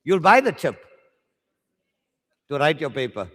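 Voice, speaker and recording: A man's voice: fairly high pitch, big pitch swings, measured pace, fairly bright tone, big-room sound. A South African man teaching maths at a live exam workshop, joking with learners in slangy banter.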